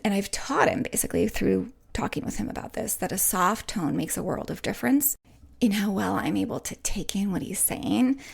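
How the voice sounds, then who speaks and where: Woman coach, soft reassuring advice, gravelly fry, husky voice, near-whispered asides. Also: mid-range voice. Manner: soft, gentle, often drops to a whisper; reassuring, frequent "right?" check-ins. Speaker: podcast host and relationship coach. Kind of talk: advice monologue answering listener questions.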